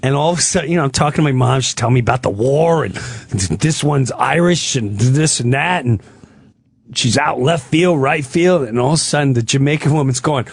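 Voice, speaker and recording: A man's voice: mid-range voice, a little fast, vocal fry, slightly rough, dry recording. A man who is a comedian guest, telling a comic story on a talk radio show and often jumping into voices. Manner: animated, jumps into voices.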